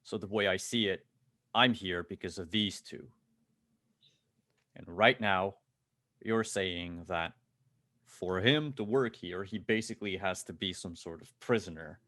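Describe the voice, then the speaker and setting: A man's voice: deep voice, unhurried, long pauses, pushed and bright. A man voicing a big, tough male bodyguard who speaks steadily and threateningly in a tabletop game. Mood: calm menacing.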